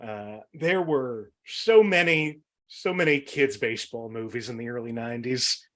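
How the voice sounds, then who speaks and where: A man's voice: medium pitch, moderate pace. A man with a Boston accent hosting a comedic trivia game show over a video call, rambling, with many fillers and frequent laughs.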